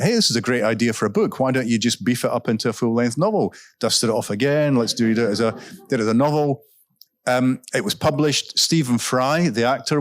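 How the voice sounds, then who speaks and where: A man, an author guest at a literary festival, telling anecdotes onstage and answering audience questions in a relaxed, chatty way with frequent ums and self-corrections. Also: medium pitch. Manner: laughs while telling stories. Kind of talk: casual onstage storytelling and Q&A. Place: stage at a live event.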